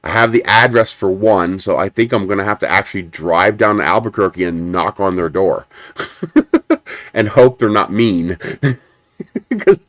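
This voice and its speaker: A man's voice: deep voice, normal speed, long pauses, a bit bright, no echo. A man hosting a live stream, chatting casually and rambling as he unboxes a printer and answers viewers. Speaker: 3D printing livestream host.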